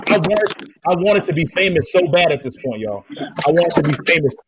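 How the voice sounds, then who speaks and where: Fairly high-voiced man telling a story. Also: a little fast, a little hiss or hum. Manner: animated, emphatic, addresses listeners directly with slang. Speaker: podcast host. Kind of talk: casual storytelling chat.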